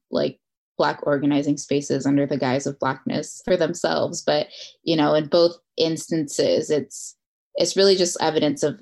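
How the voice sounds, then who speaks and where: A woman's voice: sits low, gravelly, a little mellow. A woman co-hosting a podcast in casual chat, rambling with lots of filler words. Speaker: podcast co-host.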